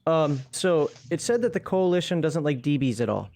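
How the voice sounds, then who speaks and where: Casting: sick man with a slightly high voice, chatty co-host asking questions. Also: expressive, normal speed, darkish tone. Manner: inquisitive, chatty. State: sick, prone to coughing. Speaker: co-host of an RPG stream. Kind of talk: casual chat.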